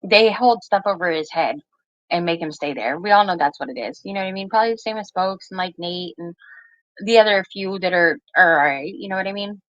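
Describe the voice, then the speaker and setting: A woman's voice: fairly low pitch, animated, brisk, a bit bright, no echo, highs cut off. A woman guest on a livestream, laid-back and gossipy, swearing freely in casual chat.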